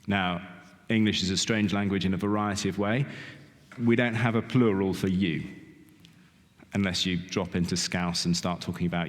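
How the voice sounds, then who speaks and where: A man's voice: sits low, fairly even intonation, moderate pace. A middle-aged man giving a sermon in a church, talking in a conversational way, often asking "okay?" and saying "kind of". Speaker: lay preacher. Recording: long reverb of a church hall.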